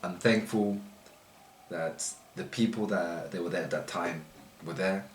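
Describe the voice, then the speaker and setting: Deep-voiced man in an echoey room. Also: unhurried. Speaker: guest telling his own story. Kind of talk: casual storytelling chat. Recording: echoey room with faint noise.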